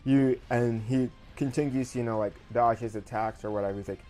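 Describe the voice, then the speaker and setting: A man's voice: lowish voice, fairly even intonation, brisk, hardly any pauses, mellow, faint music behind, rough recording. A man casually recapping an anime episode for his video review, rambling with lots of fillers and paraphrased quotes.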